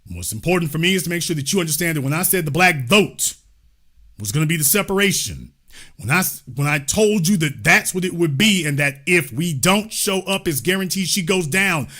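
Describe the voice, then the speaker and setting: Male livestream host: sarcastic and mocking, with a bright, forceful voice. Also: on the high side, animated, fairly quick. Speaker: livestream political show host. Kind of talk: livestream commentary.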